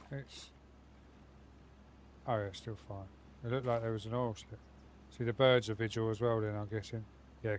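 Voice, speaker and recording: A man streams a game from home and talks straight to his viewers in a loose, rambling way. His voice sits at an everyday middle pitch. A faint hum of background noise runs under it. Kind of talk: casual live gaming stream chat.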